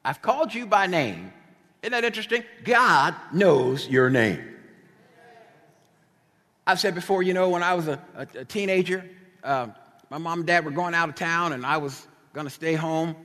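A middle-aged male preacher from New Jersey delivers a sermon in a fairly high voice. He tells stories with animated energy and slips into casual, chatty asides. His voice rings out in a church hall with a long reverb tail. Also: moderate pace.

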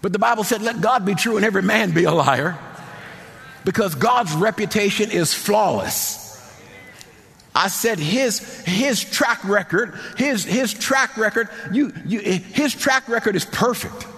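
A middle-aged man preaching a sermon in a church, impassioned, repeating phrases and shouting at the peaks. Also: high voice, lively intonation, a little slow, vocal fry. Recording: long hall reverb.

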